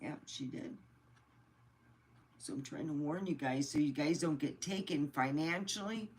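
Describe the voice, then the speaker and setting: A woman's voice: low voice, a little slow, a little mellow, slightly rough. A middle-aged woman from the United States telling personal stories in a blunt, chatty way and swearing freely. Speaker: vlogger. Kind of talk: casual storytelling.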